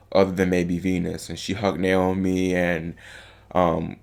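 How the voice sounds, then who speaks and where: A male tennis vlogger with a deep, gravelly voice talks casually to the camera. He rambles and hesitates, restarting often and leaning on fillers, clearly moved by what he's discussing.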